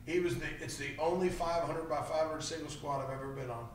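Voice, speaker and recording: Host, male, high gravelly voice, tells animated stories, off-mic in an echoey room. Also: fast talker, distant mic, slight background noise. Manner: animated anecdotes, many fillers. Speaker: podcast host. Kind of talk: casual chat, storytelling.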